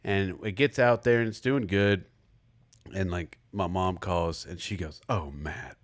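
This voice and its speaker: A man's voice: deep voice, fairly even intonation, a little slow. A young man co-hosting a podcast, chatting casually and telling rambling stories with frequent laughter. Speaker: podcast co-host. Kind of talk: casual chat.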